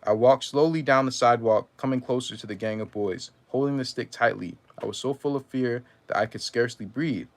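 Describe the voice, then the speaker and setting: A man reading a first-person memoir aloud in a measured way, now and then stumbling and correcting himself. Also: mid-range voice. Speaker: reader.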